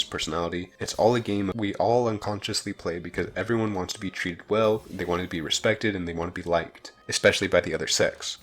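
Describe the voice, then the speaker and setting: A man reading a scripted video essay narration in a measured, explanatory way. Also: sits low, fairly bright tone, slight background noise.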